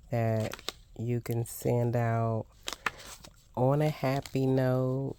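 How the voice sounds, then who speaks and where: An older woman doing a casual unboxing vlog, gushing with excited exclamations as she shows off crafting supplies. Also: rumbling low, background noise. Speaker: crafting vlogger.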